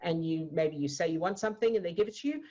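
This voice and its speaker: A woman guiding a client through an emotional coaching exercise, gentle and explaining step by step. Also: fairly low pitch, fast, muffled recording. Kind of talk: live online coaching session. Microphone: video call.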